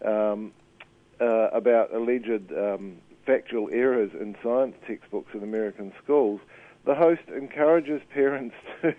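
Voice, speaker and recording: A man's voice: mid-range voice, unhurried, no echo. New man on a tinny phone line. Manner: hesitant, many fillers and restarts. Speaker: media commentator guest. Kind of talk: casual radio chat.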